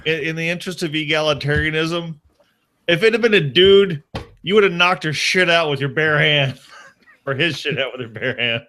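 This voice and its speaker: A man's voice: on the high side, moderate pace, bright, forceful tone. A man chatting casually who stammers and restarts his sentences and laughs easily. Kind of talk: casual chat.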